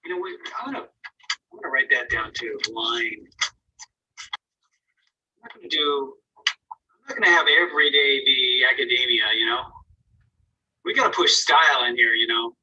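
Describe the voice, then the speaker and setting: A man's voice: mid-range voice, moderate pace, long pauses, sharp tone, slightly rough, recorded from a distance, lo-fi sound. A man teaching an online painting class, giving casual, encouraging critiques of students' work and thinking aloud as he goes. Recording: voice from away from the mic.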